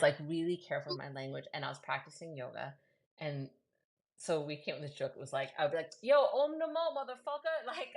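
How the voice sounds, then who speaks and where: A woman poet and co-host, reading a poem aloud and then chatting in an animated way on a live video. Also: deep voice, creaky, rough recording. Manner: animated, chatty, many fillers. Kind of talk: poetry reading and casual chat. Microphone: webcam or laptop mic on a live video.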